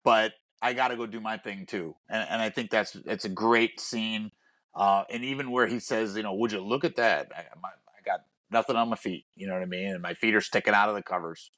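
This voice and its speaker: A man's voice: fairly low pitch, steady tone, fairly quick, fairly bright tone. A man guesting on a casual comedy movie-review podcast, talking in an easygoing, reflective way with plenty of fillers.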